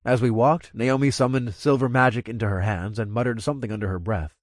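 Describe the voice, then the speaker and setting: A man narrating first-person fiction as an audiobook, with expressive storytelling. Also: mid-range voice, fairly quick, no room sound, clean studio sound.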